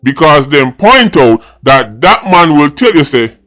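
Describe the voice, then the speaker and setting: A man's voice: fairly high pitch, big pitch swings, unhurried, a bit bright, soft background music. A middle-aged Jamaican man with a Jamaican accent, giving a blunt, mocking monologue as a political vlogger, mixing patois and English. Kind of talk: opinionated monologue.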